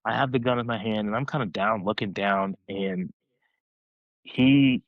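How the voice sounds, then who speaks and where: A man on a podcast, telling a story in a casual, excited way, rambling, restarting his sentences. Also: on the low side, a little slow, no room sound, lo-fi sound.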